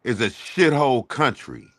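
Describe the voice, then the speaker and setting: A man's voice: medium pitch, big pitch swings, a little slow. A man hosting a casual morning talk show, delivering a rambling, profane, preachy rant. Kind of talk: casual chat.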